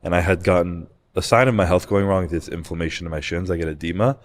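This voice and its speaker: A young man with a low voice talks quickly through a personal story on a podcast. He is candid and emotional, and he swears and uses fillers freely. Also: fairly even intonation. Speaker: guest.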